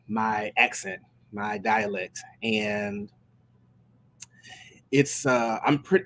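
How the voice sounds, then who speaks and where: Slow, rambling gospel singer man. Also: medium pitch, gravelly, fairly bright tone. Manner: slow, meandering storytelling with many restarts. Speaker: gospel singer and worship leader. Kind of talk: casual live-stream chat.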